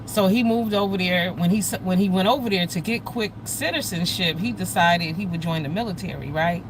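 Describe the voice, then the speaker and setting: An American woman hosts a casual livestream, speaking directly to her viewers in a fairly low voice. Blunt and profane, she gossips at a lively, fairly quick clip while a faint hum of vehicles sits in the background.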